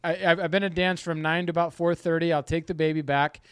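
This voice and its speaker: A man in his thirties with a fairly high voice chats casually as a podcast co-host. He rambles a little and pokes fun at himself, recorded close and dry. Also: flat delivery, quick pace, a bit bright, clean tone, no room sound. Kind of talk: casual chat.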